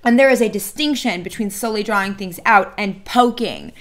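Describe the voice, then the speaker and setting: A woman's voice: mid-range voice, normal speed, a bit bright. Woman doing dating advice to camera, blunt and emphatic, hammers points home by repeating them. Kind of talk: direct-to-camera advice talk.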